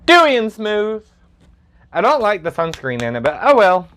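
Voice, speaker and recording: A man chatting casually through a makeup review at home, excitable, with dramatic squeals and sassy asides, filmed on a phone camera. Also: high voice, normal speed. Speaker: makeup vlogger.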